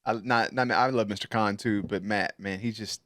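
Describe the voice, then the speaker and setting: A man's voice: lowish voice, steady tone, moderate pace, a bit bright, dry recording, studio quality. Profane man reacting to a show. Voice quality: profane, laughs often. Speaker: reaction video host. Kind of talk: casual reaction commentary.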